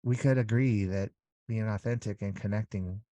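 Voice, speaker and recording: Earnest deep-voiced middle-aged man. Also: moderate pace, dark tone, no room sound. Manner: earnest, rambling, with many restarts. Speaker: interview guest. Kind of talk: casual conversational interview.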